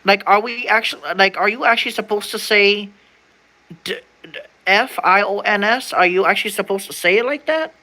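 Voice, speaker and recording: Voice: medium pitch, bright, forceful tone, low-quality recording. A young adult streamer in casual livestream chat, reading an old document aloud in a slangy way, stumbling over words and sounding them out.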